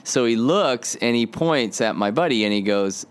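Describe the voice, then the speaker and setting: Relaxed rambling male pastor outdoors. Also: mid-range voice, moderate pace, clean tone. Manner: relaxed and rambling, many fillers and restarts. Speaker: pastor and podcast host. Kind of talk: casual devotional podcast talk. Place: outdoors on a windy day.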